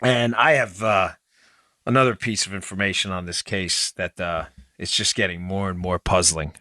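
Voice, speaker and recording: A man hosting a casual political podcast, animated and jokey as he chats with his producer. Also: low voice, moderate pace, no echo, studio quality. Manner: animated, jokey, mimics voices. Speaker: podcast host. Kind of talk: casual political talk show banter.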